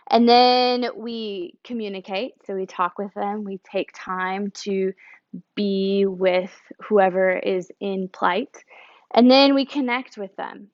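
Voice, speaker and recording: Slow-speaking woman giving a teaching talk. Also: a little high, no room sound. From United States. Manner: conversational, explains with a hand-drawn picture and acted examples. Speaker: church speaker. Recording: slightly dull lo-fi recording.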